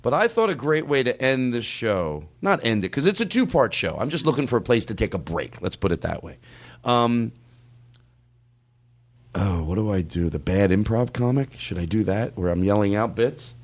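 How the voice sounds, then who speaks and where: A podcast host chats casually in a studio, rambling, joking, and frequently breaking off mid-sentence. He speaks at a normal pace with a fairly low voice and lively intonation.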